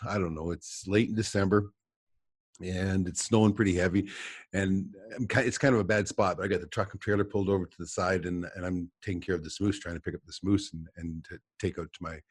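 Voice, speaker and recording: A man's voice: low voice, steady tone, fairly quick, husky, dry recording, studio quality. A man, a trapper guest on a podcast, telling rambling stories from his office and chuckling often. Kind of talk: casual podcast chat.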